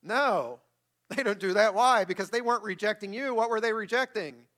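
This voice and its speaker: High-voiced pastor preaching with emphasis. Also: male voice, normal speed, bright, forceful tone. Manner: emphatic, repeats words for a rousing effect. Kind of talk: sermon. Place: church.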